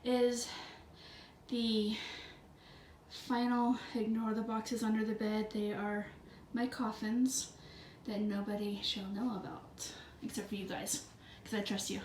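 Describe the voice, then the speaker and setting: A woman's voice: mid-range voice, flat delivery, slow pace, darkish tone. A woman chatting to her viewers in a bubbly, jokey way while out of breath, filming her bedroom on a handheld phone. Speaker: vlogger. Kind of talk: casual chat to viewers. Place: bedroom indoors. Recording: echoey room, faint ambient noise.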